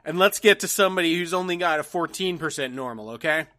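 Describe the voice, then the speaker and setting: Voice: medium pitch, fast talker, sharp tone. A comedy podcast co-host who reads forum posts aloud and teases the others, laughing often. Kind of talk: casual comedy chat.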